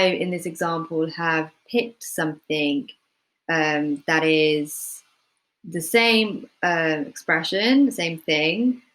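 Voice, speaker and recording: A woman tutoring students in playwriting. She explains things in a casual, relaxed way, with lots of ums and hedging. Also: on the low side, low-quality recording. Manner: relaxed, full of ums and hedges. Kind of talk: casual instructional talk to students.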